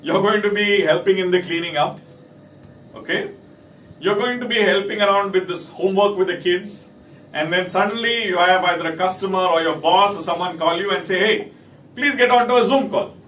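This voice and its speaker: A man's voice: sits high, fairly even intonation, brisk, a bit bright, recorded from a distance. Emphatic man in an echoey room. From India. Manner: emphatic, lists points. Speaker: company speaker. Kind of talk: talk to camera. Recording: echoey room, from off mic, faint noise.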